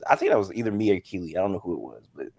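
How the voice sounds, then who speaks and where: Gravelly young man with lively pitch. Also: very fast, no room sound. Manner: laughing, animated storyteller. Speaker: podcast co-host. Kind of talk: casual chat.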